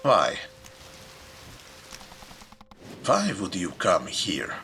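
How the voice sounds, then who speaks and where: Brief: man doing a cold, abusive mother, harsh and shouting, gravelly. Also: low voice, wildly swooping pitch, slow pace, a little hiss or hum, exaggerated voice.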